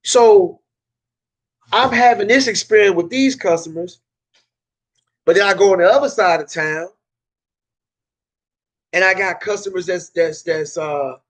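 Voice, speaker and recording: A man with a Southern accent speaks casually to his viewers in a slightly higher-than-usual voice. He repeats phrases for emphasis and often restarts mid-sentence, sharing hard-won business lessons. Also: measured pace, pauses often. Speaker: car detailing business owner. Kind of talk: casual advice talk to camera.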